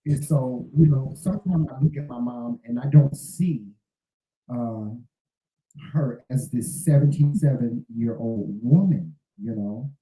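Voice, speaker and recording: A man in his fifties talks unscripted to his listeners, circling back and repeating himself as he goes. His voice is very dark and mellow, and it carries a noticeable echo from the room. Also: medium pitch, a little slow. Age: 50s. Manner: rambling, repeats words and restarts often. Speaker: show host. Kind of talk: casual spoken monologue.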